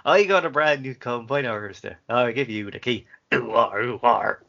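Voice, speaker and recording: A man's voice: medium pitch, moderate pace, vocal fry, pushed and bright. A man doing a jolly West Country yokel. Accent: West Country (put on). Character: cheery rustic West Country bloke. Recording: dull lo-fi podcast sound.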